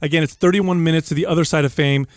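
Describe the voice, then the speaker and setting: A man's voice: fairly high pitch, fairly even intonation, fast, dry recording, clean studio sound. A man hosting a podcast, introducing his guest and chatting in an easygoing, affirming way. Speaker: podcast host.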